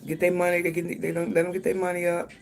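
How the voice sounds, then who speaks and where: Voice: mid-range voice, monotone, fast, vocal fry. A tarot reader giving a casual reading, thinking aloud, speaking straight to the viewer and swearing freely.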